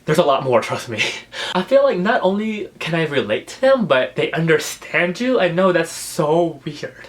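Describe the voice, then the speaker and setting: A man's voice: on the high side, big pitch swings, normal speed. A man chatting on his book vlog, gushing and emotional, filling his talk with fillers and laughing through the feeling. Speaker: book vlogger. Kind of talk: casual book review vlog.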